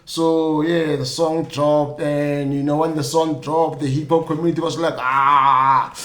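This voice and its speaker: A man's voice: a little high, flat delivery, normal speed, a little mellow. Chatty South African man in an echoey room. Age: young adult. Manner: loose and chatty, many fillers like "you know what I mean", jokey asides. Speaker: podcast host. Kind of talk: casual solo commentary.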